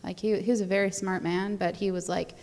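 A woman's voice: mid-range voice, little pitch movement, brisk, a little mellow, long reverb tail. A young adult woman chatting casually as a guest, rambling with fillers and little laughs. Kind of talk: casual conversation.

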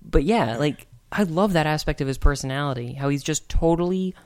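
A man's voice: a little high, a little fast, smooth. A man co-hosting a podcast, casually rambling and joking as he reviews an old cartoon. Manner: rambling, joking, laughs often. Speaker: podcast co-host.

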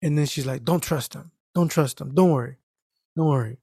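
A man's voice: a little high, brisk, slightly rough, dry recording. Profane man telling a story, dry mic. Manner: animated, profane, acts out voices. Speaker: guest storyteller. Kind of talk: casual storytelling chat.

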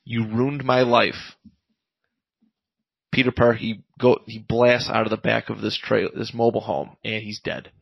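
Gravelly man recapping a comic casually. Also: lowish voice, flat delivery, fairly quick, few pauses, no room sound, lo-fi sound. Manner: rambling recap full of fillers, paraphrasing lines. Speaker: podcast co-host reviewing comics.

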